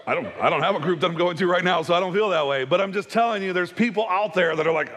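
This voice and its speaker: A male pastor giving a casual, conversational sermon, chatty with joking asides and quick acted-out voices. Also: high voice, a bit bright, in a large hall. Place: church hall.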